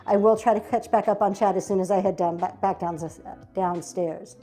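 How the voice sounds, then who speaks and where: Against soft music, a woman speaks in a medium-pitched, steady, dark voice at a moderate pace. She is hosting an online auction livestream, talking casually and gushing about each vintage piece she shows, often saying "um" and "y'all."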